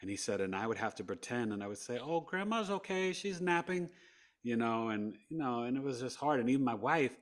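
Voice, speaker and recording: A man from New York with a New York accent, a podcast guest telling his story in an animated way, acting out quotes and often laughing. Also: mid-range voice, fast, hardly any pauses.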